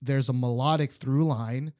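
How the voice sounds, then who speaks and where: A man's voice: mid-range voice, steady tone, unhurried, darkish tone, no room sound, studio quality. A man co-hosting a casual music review chat, opinionated and rambling, with lots of fillers. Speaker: podcast co-host.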